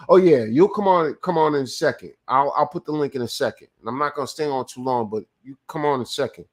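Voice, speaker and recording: A man's voice: medium pitch, fast talker. A man from California hosting a live show, swearing freely and telling loose stories with frequent restarts while answering viewer chat. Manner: profane, loose storytelling with restarts. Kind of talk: casual livestream commentary.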